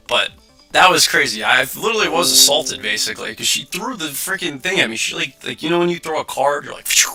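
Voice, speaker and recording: A man in his twenties hosting a casual livestream, telling a story with lively acted-out quotes and many filler words. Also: mid-range voice, fairly quick, faint music behind. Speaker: livestream host.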